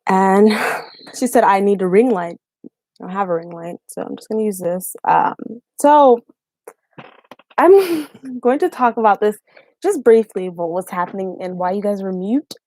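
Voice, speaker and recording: A woman's voice: mid-range voice, moderate pace, warm tone, dry recording. A young woman from Haiti, a YouTube vlogger, telling a story in casual live-stream chat with fillers and laughs.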